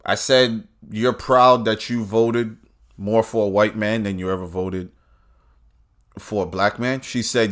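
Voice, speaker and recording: A man delivering a profane political rant to his audience. His tone swings between loud bursts and low, drawn-out asides. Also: steady tone.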